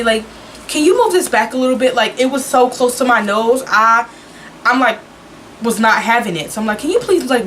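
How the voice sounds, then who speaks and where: A young adult woman vlogger telling a personal story in a chatty, animated way. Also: fairly high pitch, a little hiss or hum, low-quality recording. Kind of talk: casual storytelling.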